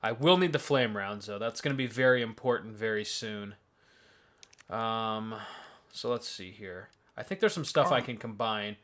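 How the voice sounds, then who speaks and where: A man playing a video game on a let's play show, excitable, swearing freely and muttering to himself about his inventory. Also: fairly low pitch, moderate pace. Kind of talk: casual gaming commentary.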